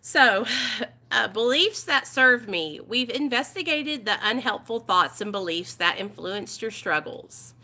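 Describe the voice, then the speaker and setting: A woman's voice: a little high, lively intonation, measured pace, pushed and bright. A woman with an East Texas accent hosting a casual recovery support livestream. She reads workbook passages aloud and chats bluntly with viewers, greeting them and answering their comments.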